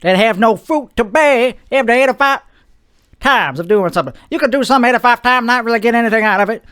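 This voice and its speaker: High-voiced rambling podcast host man. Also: fairly bright tone, smooth, no room sound, clean studio sound. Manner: slow drawling put-on voices, rambling. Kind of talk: rambling comedic monologue.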